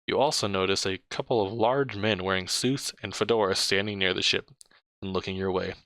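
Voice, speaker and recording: Male reader, casual interactive-story narration, bright tone, dry close sound. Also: sits low, steady tone, a little fast, no room sound. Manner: chatty, comments on his own slips and laughs mid-read. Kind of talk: casual read-aloud narration.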